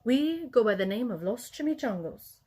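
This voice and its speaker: A gruff Chihuahua leader who growls his words and speaks solemnly, as a woman puts him on. He is the biggest of a small band of dogs in a storybook. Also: fairly high pitch, lively intonation, normal speed, mellow.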